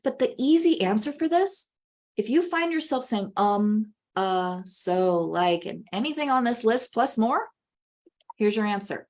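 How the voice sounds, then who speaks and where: A woman presents a webinar on public speaking, speaking animatedly with wide pitch swings for emphasis. Her pace is unhurried.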